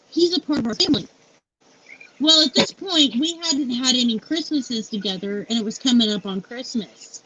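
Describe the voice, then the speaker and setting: A woman's voice: high voice, fairly bright tone. A middle-aged woman interviewed as a guest, candidly telling a personal story with many fillers. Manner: candid and heartfelt, many fillers like "like" and "you know". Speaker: founder and CEO interviewed as guest. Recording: dull lo-fi sound with faint noise.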